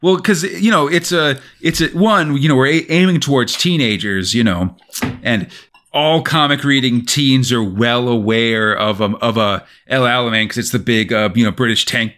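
A man co-hosting a podcast, casually retelling a comic's plot with lively storytelling and lots of "sort of" hedges. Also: medium pitch, normal speed. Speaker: podcast co-host. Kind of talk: casual chat recapping a comic.

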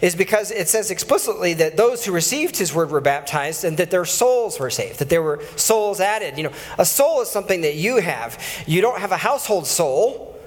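A male pastor delivers a conversational sermon and reads scripture aloud, frequently correcting himself and tossing in chuckling asides. His voice is high and expressive, at a moderate pace, and the sound carries like a large hall.

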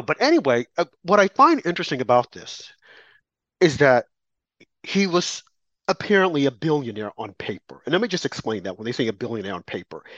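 Animated rambling talk radio man. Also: mid-range voice, no echo, dull audio. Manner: rambling, restarts, animated rants. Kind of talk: opinionated political talk.

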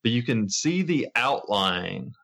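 A man tells a long, wandering story on a podcast, stopping often to restart his sentences. His tone is bright and forceful. His pitch sits in an ordinary male range. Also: sing-song, slow pace, creaky. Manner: storytelling, rambling with many fillers and restarts. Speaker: podcast co-host. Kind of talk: casual chat.

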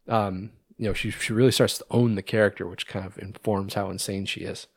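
A man's voice: fairly low pitch, fairly even intonation, brisk, few pauses, no room sound, clean studio sound. A man co-hosting a podcast, casually retelling a movie's plot with lots of ums and restarts. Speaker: podcast co-host.

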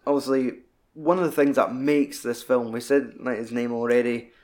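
A man's voice: medium pitch, level tone, moderate pace, darkish tone. A man, co-hosting a casual podcast chat about films, loose and sweary with lots of filler words. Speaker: podcast co-host.

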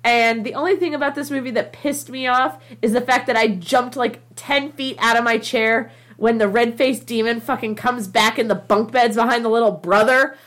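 A woman's voice: fairly high pitch, fairly even intonation, moderate pace, few pauses, fairly bright tone. A woman in a casual movie discussion, talking enthusiastically and emphatically, with some swearing.

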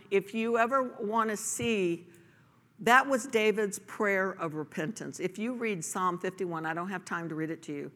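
A woman pastor delivering a sermon, earnest and emphatic, pressing her points with rhetorical questions. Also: mid-range voice. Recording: long hall reverb.

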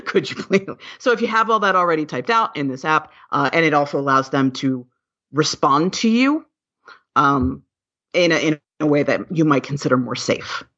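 A woman's voice: low-pitched, animated, normal speed, a bit bright. A woman who is a podcast guest, talking candidly and earnestly with many restarts. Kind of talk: casual interview chat. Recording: dull, muffled sound.

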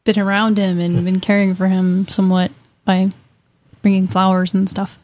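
A woman's voice: medium pitch, level tone, moderate pace, darkish tone, no room sound. A woman co-hosting a casual podcast chat, matter-of-fact. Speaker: podcast co-host.

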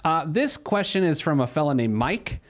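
A man with a fairly high voice and wide pitch swings talks at a normal pace. He hosts a money advice show, bantering casually like radio talk, joking and rambling with plenty of fillers.

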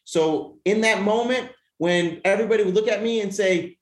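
An animated man tells his story as a podcast guest, cursing freely and often breaking off to restart his thoughts. His voice sits a bit high for a man and rings in a roomy, echoing space. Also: normal speed, few pauses. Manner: animated, profane, many restarts. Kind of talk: casual storytelling. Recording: roomy echo.

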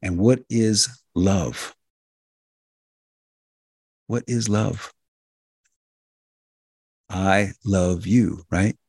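A man's voice: sits low, extremely slow, pauses often, darkish tone, slightly rough, no room sound, clean studio sound. A man hosting a health talk radio show, speaking in an emphatic, repetitive, preacher-like cadence and addressing listeners directly as folks and healers.

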